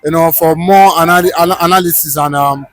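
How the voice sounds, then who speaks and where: A man speaks in a hesitant way, pausing with many fillers. His voice is fairly high, and faint music plays behind him. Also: fairly even intonation, a bit bright.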